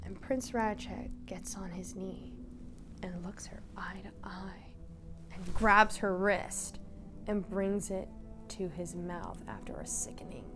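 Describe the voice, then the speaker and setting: A woman vlogger retelling a live-action role-playing game in casual, animated storytelling. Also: fairly low pitch.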